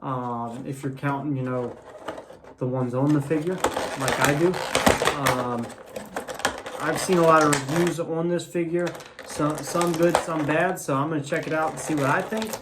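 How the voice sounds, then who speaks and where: A man's voice: on the high side, steady tone, normal speed, heavy background noise. A man casually reviewing an action figure on camera, talking loosely with lots of fillers and restarts. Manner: rambling, many fillers and restarts. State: has the hiccups. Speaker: toy reviewer.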